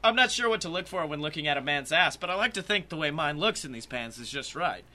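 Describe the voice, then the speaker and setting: A man's voice: a little high, expressive, quick pace, bright, forceful tone. A man co-hosting a podcast, reading comic fan fiction with swaggering, theatrical narration. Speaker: podcast co-host.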